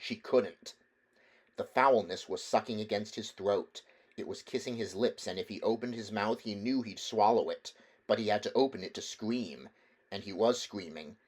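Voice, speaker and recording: Male audiobook reader, lowish voice, hushed intense delivery. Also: normal speed. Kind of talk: audiobook narration.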